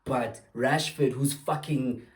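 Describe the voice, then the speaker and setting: A man's voice: medium pitch, fairly even intonation, slow pace. A young man hosting his own show, ranting angrily about football refereeing with lots of swearing and sarcastic outbursts. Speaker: podcast host. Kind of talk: angry football rant.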